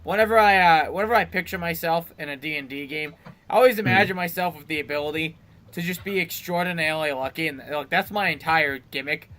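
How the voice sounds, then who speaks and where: A young man commentating gameplay in a loose, teasing way, often breaking into laughs. His voice sits a bit high for a man, with a faint hum in the background. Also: quick pace, sharp tone. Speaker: let's play host.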